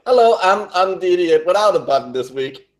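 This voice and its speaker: A man's voice: sits high, animated, brisk. Rambling man who says "like" constantly. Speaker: co-host. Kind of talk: casual group chat.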